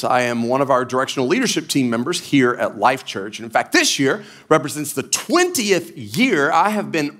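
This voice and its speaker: A middle-aged man gives a sermon from a church stage. His delivery is folksy and humorous, and his pitch rises and falls a great deal, sitting slightly high. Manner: animated storytelling, folksy and humorous. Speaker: pastor.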